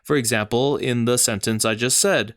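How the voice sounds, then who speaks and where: A man's voice: mid-range voice, moderate pace, fairly bright tone, no echo, studio quality. A man hosting a video essay, explaining verse and music in a scripted, lightly playful narration.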